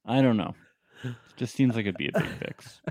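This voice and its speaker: A man's voice: mid-range voice, a little fast, darkish tone, no room sound, clean studio sound. A man co-hosting a casual podcast, recapping a reality show with jokes and laughter. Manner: joking, often laughing, quoting people in put-on voices. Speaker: podcast co-host.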